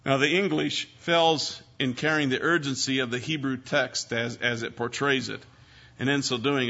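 A man's voice: a little high, bright, forceful tone. A man preaching an expository sermon, asking rhetorical questions and repeating key words for emphasis. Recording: dull lo-fi sermon recording.

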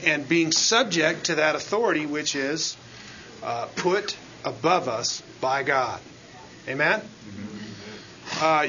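A man's voice: on the high side, bright, forceful tone, muffled recording, slight background noise. A man teaching a Bible lesson as a sermon, speaking conversationally and often asking the congregation "right?" and "amen?". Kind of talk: expository sermon.

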